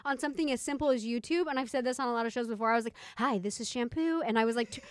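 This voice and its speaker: Fast-talking high-voiced woman co-host. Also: clean tone, no room sound, studio quality. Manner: animated storytelling with quoted voices. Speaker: podcast co-host. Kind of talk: casual chat.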